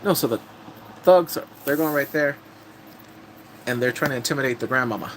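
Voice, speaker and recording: A young man casually recapping episodes of a drama, telling it in an animated, blunt way with casual swearing. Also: mid-range voice, brisk, slight background noise.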